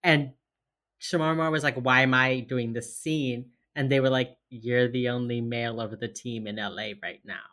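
A woman co-hosting a podcast, casually recapping a TV episode, swearing freely and retelling scenes in quick quoted bits. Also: rumbling low, fairly even intonation, a bit bright. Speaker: podcast co-host.

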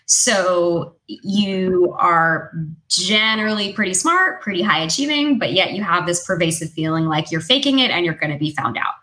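Bright-voiced upbeat woman coach. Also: lowish voice, animated, moderate pace, low-quality recording. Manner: upbeat, explanatory, laughs often. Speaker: career coach guest. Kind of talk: casual interview chat. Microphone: video call.

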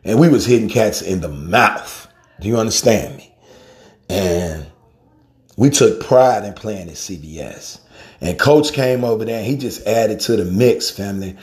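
A man's voice: lowish voice, unhurried. A middle-aged man giving a heartfelt spoken tribute in a casual, slangy way, calling the listener family and man. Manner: animated storyteller, softens when grieving. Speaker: guest speaker.

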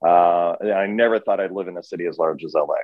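A man in his forties from Minnesota recounts his path through acting and casting with infectious, self-deprecating energy. His voice sits a touch low. The audio is dry and somewhat muffled. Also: fast talker, dry recording. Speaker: guest, actor and session director. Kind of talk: casual interview storytelling.

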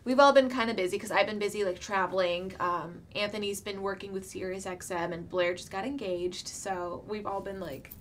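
A woman's voice: medium pitch, steady tone, normal speed, few pauses, slight background noise. A young woman chatting as a podcast guest, filling her talk with "like" and trailing off mid-thought. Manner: chatty, filler-heavy, trailing off. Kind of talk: casual interview chat.

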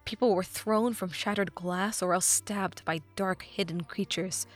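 A woman reading a fan fiction audiobook, with expressive narration that drops to a hush at dramatic moments. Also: mid-range voice, measured pace, faint music behind.

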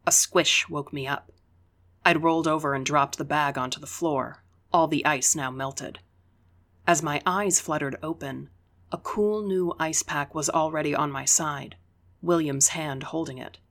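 An audiobook reader telling a first-person story at an even, unhurried pace. The reading is steady, with a voice sitting in the middle of the usual range. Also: mid-range voice. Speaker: audiobook narrator.

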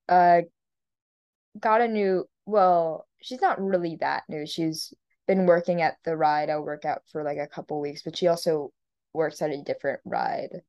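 Slow, giggly young woman chatting. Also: lowish voice, dark tone. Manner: giggly, lots of "like" fillers. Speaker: podcast co-host. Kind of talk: casual chat.

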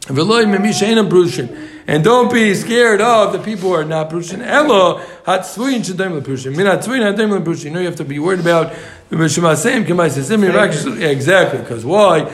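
This Gemara lesson is led by a Talmud teacher whose voice is high, lively and full of reverb. He breaks up his explanation of the text with jokes and quick remarks to the students.

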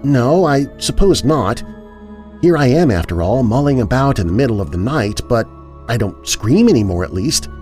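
A man's voice: mid-range voice, sing-song, moderate pace, darkish tone, soft background music, pitched above the performer's own voice, natural voice. A man voicing a bold, blunt young girl in a raised voice. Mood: sharp.

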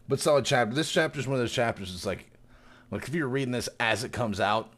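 A man on a casual podcast, animatedly recapping a chapter and acting out the characters' lines with laughter. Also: quick pace. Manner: animated retelling, acting out characters with big pitch jumps and laughter. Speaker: podcast co-host.

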